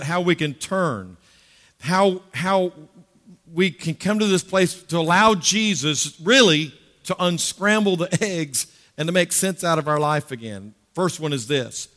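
Middle-aged guy pastor preaching, bright punchy voice, big echoey church hall. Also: high-pitched. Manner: conversational preaching, repeats words for emphasis, draws out key phrases. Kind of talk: sermon. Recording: long hall reverb.

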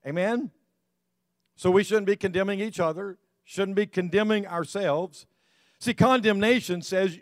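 A man's voice: high voice, measured pace, dry recording. A pastor preaching a sermon, telling folksy stories and often repeating words as he restarts. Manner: repetitive restarts, folksy storytelling.

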